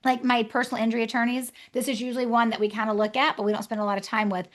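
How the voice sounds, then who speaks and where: Woman, guest author, lively explainer, higher pitch, acts out client exchanges. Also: very fast. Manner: energetic, acts out client dialogues. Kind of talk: conversational podcast interview.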